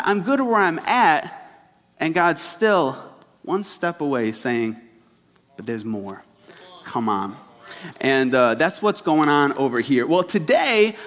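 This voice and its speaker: This young man's fairly high, slightly bright voice echoes with hall reverb through a church sanctuary. He's a youth pastor giving a sermon as relaxed, laughing storytelling.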